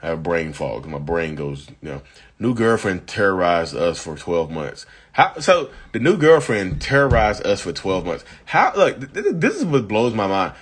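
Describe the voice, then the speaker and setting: His voice is fairly low and husky with a fairly bright tone. He's a live-stream host in a casual chat, bluntly and chattily answering viewer comments, addressing them as "y'all" while still coughing as he recovers from illness.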